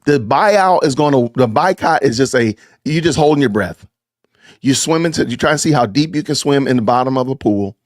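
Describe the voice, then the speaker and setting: A man's voice: mid-range voice, brisk, no echo, studio quality. A man hosting a podcast livestream, reacting to clips with emphatic commentary and repetition for stress. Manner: emphatic, animated, repeats points for stress. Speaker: podcast host.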